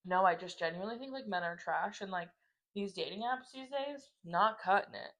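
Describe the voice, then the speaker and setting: A young woman in her twenties co-hosting a podcast, rambling in a loose, chatty way full of "like" and casual swearing. Her voice sits at an ordinary middle pitch. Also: lively intonation, moderate pace, fairly bright tone. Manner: chatty, swearing, laughs often, lots of "like"; reads dating app messages aloud in mocking voices. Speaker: podcast co-host. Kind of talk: casual chat.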